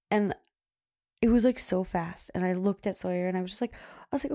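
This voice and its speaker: A woman's voice: medium pitch, fast talker, dark tone, no room sound, studio quality. A young woman podcast host telling a story in a casual, chatty way, filling her speech with "like" and laughing often.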